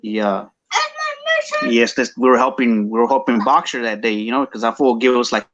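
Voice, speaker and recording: A man's voice: mid-range voice, fairly even intonation, fairly quick, a bit bright, muffled recording. A man with a Chicano English accent telling a story casually, slangy and mixing English with Spanish.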